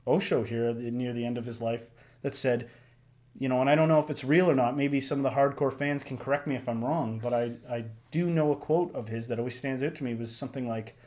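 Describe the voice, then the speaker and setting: A man hosting a casual reaction discussion, talking in an animated way that swings up and down. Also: fast talker. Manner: animated, shifts pitch and loudness a lot, acts out voices. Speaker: reaction video host.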